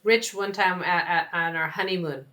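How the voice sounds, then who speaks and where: Middle-aged woman host, upbeat and friendly, lower pitch. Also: fairly even intonation, moderate pace, sharp tone. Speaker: interview host. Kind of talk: casual interview chat.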